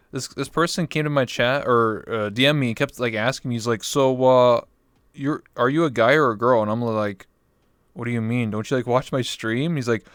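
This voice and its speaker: A man in his twenties chatting casually on a livestream, excitable and swearing freely. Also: medium pitch, clear, resonant tone, dry recording, studio quality. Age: 20s. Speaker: VR chat streamer.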